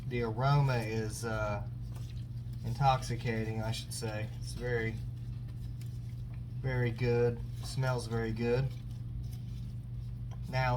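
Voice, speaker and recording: A man hosting a casual barbecue cooking vlog, relaxed and chatty, thinking aloud with plenty of fillers. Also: medium pitch, background noise. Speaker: barbecue channel host.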